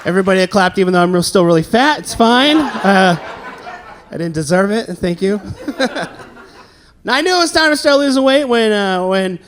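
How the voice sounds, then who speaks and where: A stand-up comedian in his thirties from the American South performs a self-deprecating set at a comedy venue, chatting with the live crowd between jokes as the audience laughs. His voice is high and fairly bright, with lively intonation at normal speed and slight background noise.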